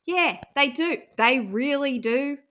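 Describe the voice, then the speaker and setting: A woman's voice: high-pitched, lively intonation, slow pace, fairly bright tone. A woman comedian from Australia telling bawdy stories in casual podcast chat, laughing often. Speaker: comedian guest.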